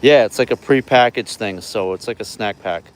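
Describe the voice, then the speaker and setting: With a fairly low voice at a moderate pace, a New York man doing delivery driving livestreams chatty, rambling talk to his viewers. He films on a phone camera from his car and a store.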